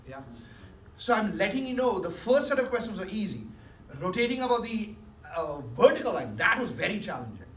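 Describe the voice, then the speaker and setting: A man teaches a math class in a lecture with questions, coaxing students along and checking often that they follow. His voice sits high, with big pitch swings and a fairly quick pace, recorded from far off in an echoey classroom with faint hiss.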